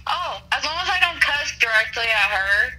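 A woman's voice: fairly high pitch, animated, moderate pace, sharp tone, a little hiss or hum, low-quality recording. A woman chatting while gaming with a friend, teasing, swearing, and laughing a lot. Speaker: gaming teammate. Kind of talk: casual gaming chat.

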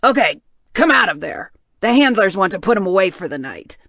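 A woman's voice: mid-range voice, very animated, fairly quick, a bit bright, no room sound, clean studio sound. A woman voicing an impatient man who oversees captives in an audiobook, speaking curtly. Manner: curt, impatient. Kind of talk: audiobook character voice.

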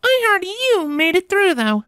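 A man's voice: extremely high pitch, big pitch swings, a little slow, sharp tone, no room sound, pitched above the performer's own voice, exaggerated voice. A man voicing a young female pony princess, nervous and playful, in a fanfiction reading. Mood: wry.

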